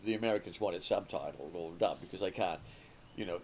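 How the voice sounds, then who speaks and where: A man's voice: deep voice, fast, a little mellow, slight background noise. Older Australian man, rambling anecdotes. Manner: rambling anecdotal storytelling with frequent restarts. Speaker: interview guest, comedy writer and producer. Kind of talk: conversational interview.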